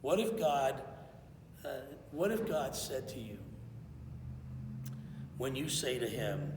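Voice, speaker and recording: A man's voice: medium pitch, big pitch swings, a little slow, pauses often, recorded from a distance, background noise. A man preaching a conversational sermon as pastor in a church, acting out quotes as he goes. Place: church sanctuary. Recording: echoey hall, voice from afar.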